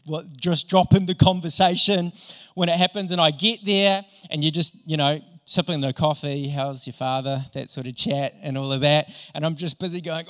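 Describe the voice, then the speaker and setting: A young adult man preaching a sermon, telling stories in an animated, enthusiastic way. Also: on the high side, normal speed. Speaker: pastor. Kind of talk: sermon with storytelling. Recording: long hall reverb.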